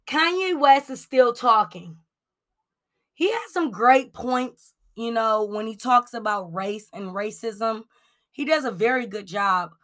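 A woman from Cleveland hosting a celebrity gossip podcast, chatty and casual, filling her talk with "like" and "um". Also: mid-range voice. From Cleveland, Ohio. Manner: chatty, lots of "like" and "um", animated asides.

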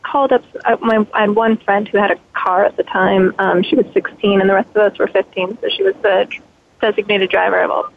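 A woman's voice: medium pitch, fairly even intonation, fairly quick, gravelly. Chatty woman on a tinny phone line. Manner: rambling, chatty, with fillers and laughs. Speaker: caller, the host's daughter. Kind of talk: casual chat on a phone-in.

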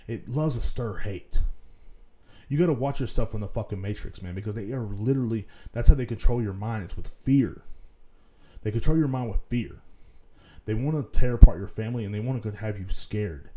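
Speaking briskly in a fairly low, dark voice, a man rambles through his solo podcast. He swears constantly and leans on filler phrases, "you know what I'm saying" chief among them.

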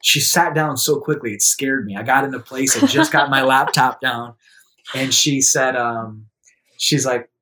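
A man with an average-pitched voice tells a personal story in a casual, chatty way. He acts out what people said with a raised, livelier voice and laughs easily. In serious moments he drops to a soft, quiet voice. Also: moderate pace, slight background noise. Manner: lively anecdotal telling, acts out quotes in a raised voice. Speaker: guest telling a story.

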